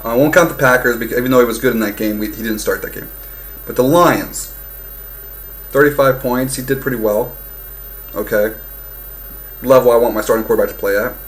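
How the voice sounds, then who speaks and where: A man's voice: mid-range voice, fairly quick, long pauses, rough recording. Fired-up man ranting about football. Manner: heated, profane, swings between loud outbursts and muttering. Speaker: fan vlogger. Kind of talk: casual sports rant.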